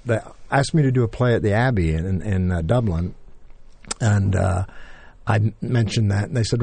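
An older male actor reminisces in a relaxed interview, circling back and restarting his thoughts. His voice sits low and mellow, and the recording is dry and close. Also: normal speed, creaky, breathy edge, no room sound. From England. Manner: rambling, many restarts and fillers. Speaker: actor guest. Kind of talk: casual interview storytelling.

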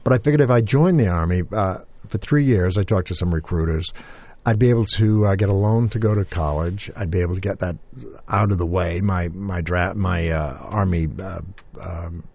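A man's voice: low-pitched, normal speed, darkish tone, no room sound. An older man from England, now with an American accent, telling stories in an interview with many fillers and restarts. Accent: General American. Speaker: interview guest. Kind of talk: conversational interview.

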